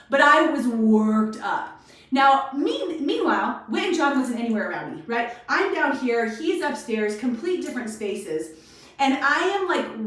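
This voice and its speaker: A woman hosting a daily live video, talking casually and animatedly to her viewers. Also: on the high side. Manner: chatty, animated, addresses viewers as "you guys". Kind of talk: casual motivational talk. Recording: very echoey room, voice far from mic.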